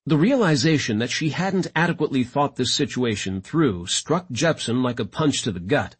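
A man narrating a science fiction audiobook in a dramatic, expressive reading style. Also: mid-range voice, normal speed, breathy edge.

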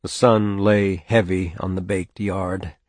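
A man reading a short story aloud in a steady, measured way. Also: sits low, dry recording. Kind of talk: scripted narration of a short story.

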